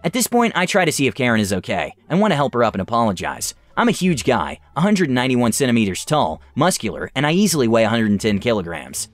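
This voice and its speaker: Young male story reader, expressive and animated, mid-pitched, dry close sound. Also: fast, few pauses, no room sound, faint music behind. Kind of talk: reading online stories aloud.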